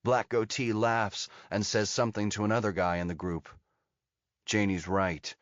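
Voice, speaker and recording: A man narrating an audiobook thriller in a steady, measured storytelling manner. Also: on the low side, dry recording. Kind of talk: scripted narration. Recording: dull lo-fi dry audio.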